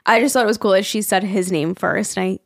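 A woman's voice: mid-range voice, fairly even intonation, fast talker, vocal fry, no room sound, clean studio sound. A young woman co-hosting a podcast, talking in a chatty, rambling way and swearing freely. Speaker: podcast co-host. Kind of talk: casual podcast chat.

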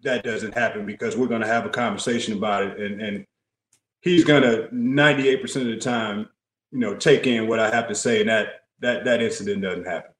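A man in his forties, a guest in a casual interview, who speaks calmly and repeats key phrases to stress them. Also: fairly low pitch, a little fast. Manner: calm, loyal, repeats phrases for emphasis. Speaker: guest, former NBA player. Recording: roomy echo.

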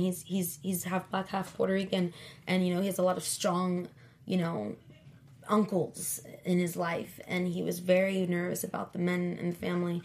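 A chatty woman in her thirties, talking as an interview guest. She tells her story with lots of fillers, and her voice jumps up high and loud whenever she acts out what someone said. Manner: chatty storyteller, acts out quoted lines in high animated bursts. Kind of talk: casual interview chat.

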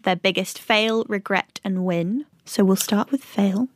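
A woman's voice: medium pitch, measured pace, dry recording, clean studio sound. A woman from Scotland co-hosting an interview and asking curious questions. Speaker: co-host. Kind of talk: casual interview chat.

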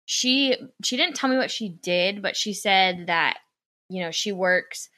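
A young woman and podcast co-host telling a story in casual chat, animated and quick to act out what others said, swearing when annoyed. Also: mid-range voice, no room sound.

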